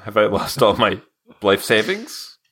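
A man's voice: on the low side, very animated, a little slow, a bit bright, slightly rough. A man co-hosting a podcast, wryly complaining with exaggerated flair. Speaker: podcast co-host. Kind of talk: casual podcast banter.

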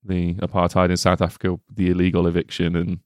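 A fairly low-voiced man banters about a film on a podcast, loose and jokey, quick to laugh. He sits close to the mic, and the sound is dry and direct. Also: completely flat delivery, no room sound. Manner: playful, jokey, laughs often. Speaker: podcast co-host. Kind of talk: casual film discussion.

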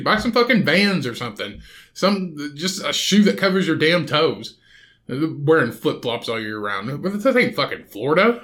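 A man's voice: mid-range voice, sing-song, normal speed, a bit bright. A man hosting a solo podcast, rambling casually with constant swearing. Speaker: podcast host.

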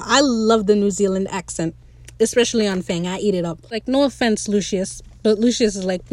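A young woman recapping a TV episode in an excited, playful, gushing way. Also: on the high side, moderate pace, no room sound. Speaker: podcast host reviewing a show.

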